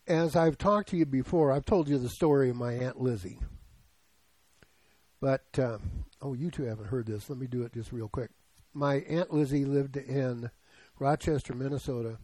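A man's voice: medium pitch, a little mellow, dry recording, rough recording. Give me an older male pastor preaching conversationally. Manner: conversational, asks the congregation questions. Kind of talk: sermon.

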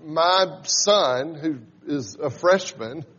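A man's voice: on the high side, drawn-out words, fairly bright tone, breathy edge. A man in his forties preaching a sermon, teaching in a conversational way and reading scripture aloud with rising emphasis. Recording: dull sound in a reverberant hall.

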